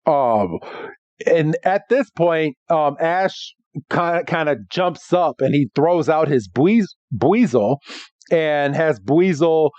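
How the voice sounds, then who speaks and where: A man's voice: a little high, lively intonation, slow pace, darkish tone, dry recording, highs cut off. A man hosting a podcast, casually recapping a cartoon episode with a lot of restarts and acted-out quotes. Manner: rambling, restarts, acts out quotes. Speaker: podcast host.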